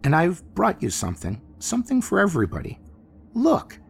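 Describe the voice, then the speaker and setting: A man voicing a gentle, devoted middle-aged bank clerk who is a ghost, speaking earnestly and pleadingly. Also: high-pitched, wildly swooping pitch, normal speed, creaky, slight background noise, pitched above the performer's own voice, heavily acted. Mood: shy, tender. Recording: faint music bed behind.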